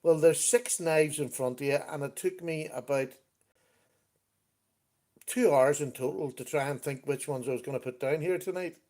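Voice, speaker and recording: A chatty man hosting a relaxed live stream, with a voice pitched a little high for a man. He talks easily and greets viewers by name between his thoughts. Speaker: livestream host. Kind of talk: casual live-stream chat.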